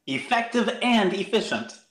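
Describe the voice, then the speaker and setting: A man's voice: high-pitched, big pitch swings, normal speed, a bit bright. A man co-hosting a review podcast, chiming in with short playful remarks. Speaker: podcast co-host. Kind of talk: casual chat. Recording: echoey room sound.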